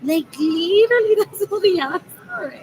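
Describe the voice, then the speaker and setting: A woman's voice: very high voice, expressive, normal speed. A woman vlogging in a rambling monologue, repeating herself over and over and slipping Spanish phrases into English. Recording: noisy ambient background.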